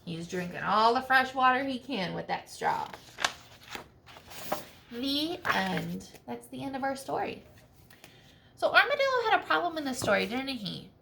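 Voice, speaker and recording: A woman teacher reading a storybook aloud to children, expressive and checking in with questions. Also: sits high, a little slow, vocal fry, long pauses, noisy background.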